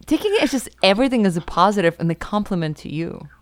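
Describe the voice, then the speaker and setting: A woman hosting a comedy podcast, teasing her guest with quick questions. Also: mid-range voice, animated, dry recording, clean studio sound. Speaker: podcast host. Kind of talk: casual comedy chat.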